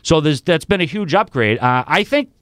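A man's voice: fairly high pitch, lively intonation, moderate pace, a bit bright, dry recording, studio quality. A man hosting a podcast, chatting casually about sports in a rambling way with many restarts. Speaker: podcast host.

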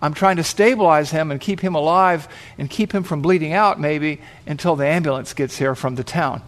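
A man voicing a calm female paramedic. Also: a little high, moderate pace, natural voice. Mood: reassuring.

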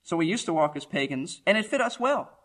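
Pastor guy preaching, bright high voice, really emphatic, goes up and down a lot. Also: sing-song, fairly quick. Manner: emphatic, rising and falling preaching delivery. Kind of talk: verse-by-verse sermon.

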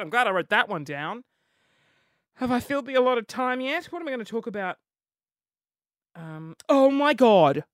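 Animated, rambling Australian comedy podcaster. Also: male voice, high voice, dry recording, studio quality. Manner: rambling, self-mocking, animated. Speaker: podcast host. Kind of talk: solo comedy podcast monologue.

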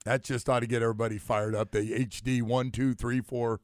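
A man's voice: mid-range voice, flat delivery, a little fast, a little mellow, no echo, clean studio sound. A man hosting a sports radio show, chiding and teasing his co-hosts in casual banter. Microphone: studio microphone.

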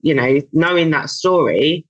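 A woman's voice: low voice, measured pace, no echo, muffled recording. A woman hosting an interview podcast, responding to her guest with short affirming remarks. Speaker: podcast host.

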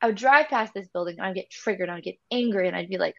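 A woman co-hosting a candid faith chat, talking in an emotional, halting way with many restarts. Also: mid-range voice, lively intonation. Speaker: podcast co-host. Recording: dull lo-fi sound.

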